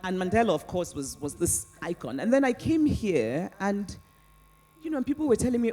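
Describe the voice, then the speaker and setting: A woman, an author answering audience questions at a live festival Q&A, animated and quick to laugh, with many restarts. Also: mid-range voice. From Nigeria.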